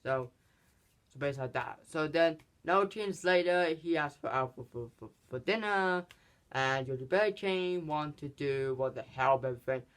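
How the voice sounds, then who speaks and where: A man's voice: a little high, moderate pace, a bit bright, clear, resonant tone. A man hosting a casual film review, rambling through the plot with many restarts. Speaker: channel host, film reviewer.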